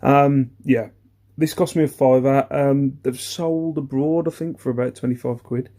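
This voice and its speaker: A man's voice: medium pitch, steady tone, a little slow, warm tone. A man, chatting casually through an eBay reseller's haul video. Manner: chatty, rambling, self-deprecating, many ums.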